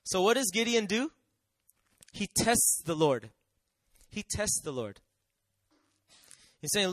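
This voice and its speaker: A man's voice: high-pitched, big pitch swings, slow, pauses often, no room sound. A man preaching a sermon in a conversational way, often asking the audience questions and acting out quotes.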